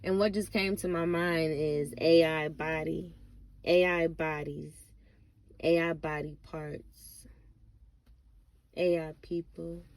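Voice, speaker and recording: Woman, lowish voice, casual rant, swears a lot, exasperated, rambling. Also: steady tone, slow pace, pauses often, no room sound. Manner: blunt, profane, exasperated; rambling with many fillers. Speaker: vlogger.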